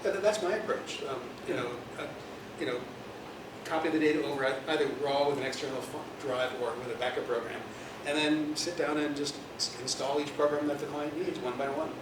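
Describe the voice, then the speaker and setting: A man at a user group meeting, chiming in with practical, measured advice. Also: fairly high pitch, fairly even intonation. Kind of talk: casual chat. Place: office meeting room. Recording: distant echoey room, background noise.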